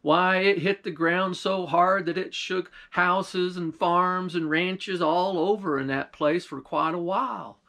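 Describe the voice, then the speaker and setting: A man's voice: high-pitched, fairly even intonation, takes it slowly, few pauses, bright, forceful tone. A man, a pastor telling a folk tale in a folksy drawl. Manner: folksy drawl, often starting lines with "why".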